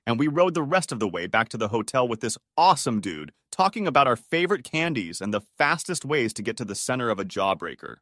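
A man narrating a string of reader-submitted stories as a scripted read, in a steady, even storytelling manner. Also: medium pitch, no echo, clean studio sound.

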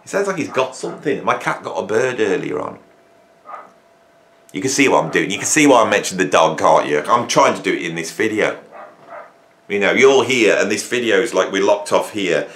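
A man's voice: fairly low pitch, a little fast, a little hiss or hum. Rambling man in an echoey garage. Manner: rambling, animated, repeats phrases and restarts. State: hot and sweaty. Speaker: drummer and producer talking to camera. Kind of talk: casual monologue to camera. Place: home garage.

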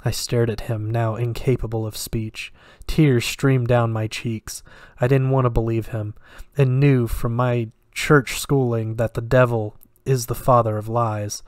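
A man reading a horror story aloud in a measured, even narration. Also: mid-range voice, no echo, studio quality. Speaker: reader.

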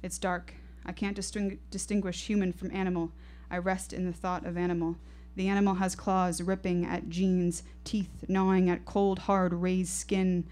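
Low-voiced woman performing intense poetic storytelling. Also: flat delivery, moderate pace, few pauses, a little mellow. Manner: intense, poetic, rhythmic delivery. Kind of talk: live first-person storytelling performance. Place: live showcase stage.

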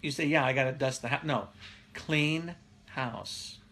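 A man's voice: mid-range voice, fairly even intonation, quick pace, fairly bright tone, a little hiss or hum. A middle-aged male pastor giving a casual live Bible teaching, who laughs often and reads out viewer comments.

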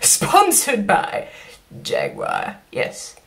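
Woman gushing over a music video, slow talker, lots of cutoffs, faint music behind. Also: medium pitch. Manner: gushing, excitable, self-interrupting. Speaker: reaction video host. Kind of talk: live music video reaction commentary.

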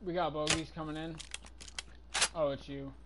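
A man's voice: a little high, flat delivery, normal speed, very noisy. A man mocking a stranger in a game's voice chat, rambling and sarcastic. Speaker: streamer playing with strangers. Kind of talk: casual trolling game chat.

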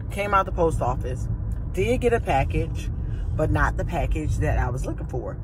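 A woman's voice: low-pitched, animated, moderate pace. A middle-aged woman, vlogging on her phone in a car and ranting with exasperation and repetition. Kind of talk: casual vlog rant to camera. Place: in a car, later inside a post office. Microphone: phone camera. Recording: loud car and street noise.

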